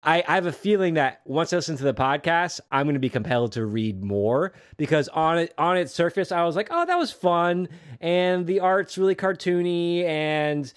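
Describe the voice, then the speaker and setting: A man with a somewhat high voice chats casually on a podcast. He asks curious questions and often repeats his words as he restarts his sentences. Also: normal speed, few pauses, smooth. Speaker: podcast co-host. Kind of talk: casual chat about comics.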